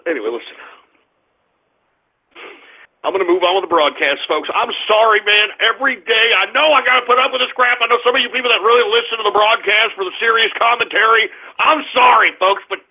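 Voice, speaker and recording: A man's voice: high-pitched, brisk. A man hosting a political talk radio show, ranting angrily and cursing at online trolls. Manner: ranting, profane, combative, shouting at trolls. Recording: tinny phone-like lo-fi sound.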